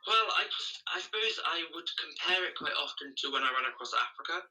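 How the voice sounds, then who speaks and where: A man's voice: fairly high pitch, animated, fast, sharp tone, recorded from a distance, rough recording. A man chatting as a podcast guest, telling running stories with frequent restarts. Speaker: podcast guest, charity runner. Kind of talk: casual interview chat.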